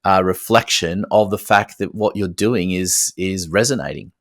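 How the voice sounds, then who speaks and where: Deep-voiced Australian man hosting. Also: a bit bright, no echo, clean studio sound. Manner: measured, hesitant questions. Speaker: podcast host. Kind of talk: conversational interview.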